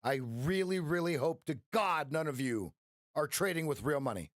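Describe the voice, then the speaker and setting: Blunt, swearing trading coach on a live stream. Man, animated pitch, dry close sound. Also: moderate pace, dry recording. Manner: blunt, passionate, profane.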